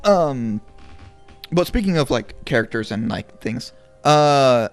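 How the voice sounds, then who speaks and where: A man in his twenties co-hosting a casual podcast, talking bluntly with some swearing while his voice goes hoarse. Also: medium pitch, lively intonation, slow. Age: 20s. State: voice going hoarse. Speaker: podcast co-host. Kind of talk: casual chat.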